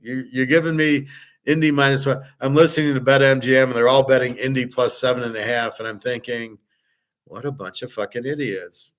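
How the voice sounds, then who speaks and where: A man hosting a sports betting show, talking in an excited, rambling way, swearing freely and restarting his sentences. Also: medium pitch, fairly quick. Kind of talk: excited casual betting talk.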